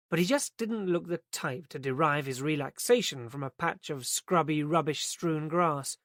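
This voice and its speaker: A man reading a crime thriller audiobook as narrator, steady and even. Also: on the high side, no echo, studio quality. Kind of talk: scripted narration.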